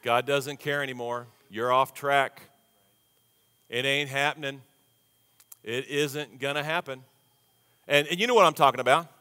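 Man, pastor, conversational sermon, bright voice, reverberant hall. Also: mid-range voice, fairly even intonation, unhurried, pauses often, clean tone. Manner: folksy, conversational preaching with audience call-and-response. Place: large church sanctuary. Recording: long reverb of a big church hall.

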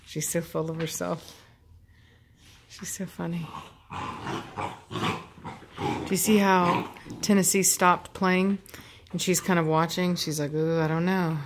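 A woman's voice: fairly low pitch, steady tone, slow, long pauses, background noise. A woman who breeds dogs gives casual running commentary at home as she films them playing, chatting and laughing often. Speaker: dog breeder filming her dogs.

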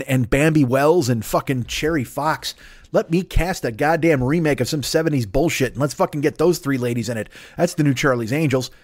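Profane rambling man, higher voice. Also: dry recording, clean studio sound. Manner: rambling, profane riffing with repeated bits. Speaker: podcast host. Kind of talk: comedic podcast monologue.

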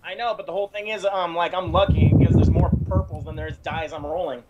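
A man playing a tabletop game, talking hesitantly with many pauses and restarts. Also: fairly high pitch, fairly even intonation, dull audio, heavy background noise. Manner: hesitant, full of ums and restarts. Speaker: player. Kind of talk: casual tabletop game chat.

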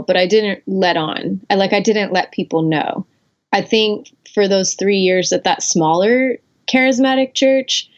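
A woman guest on a podcast, telling her own story in a candid, reflective way with fillers and restarts. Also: lowish voice. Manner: reflective, with frequent fillers and self-corrections. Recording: dull lo-fi audio.

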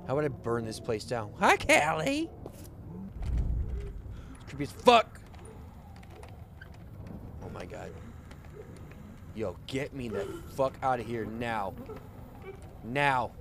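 A man's voice: mid-range voice, very animated, slow, gravelly, pauses often, noisy background. A man streaming a horror game, panicky and frantic, swearing as he reacts. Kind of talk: live horror game commentary.

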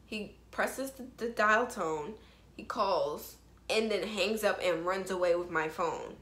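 A young woman telling a storytime vlog in casual chat, chatty and animated, with quick asides to her viewers. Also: mid-range voice, roomy sound. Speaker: vlogger.

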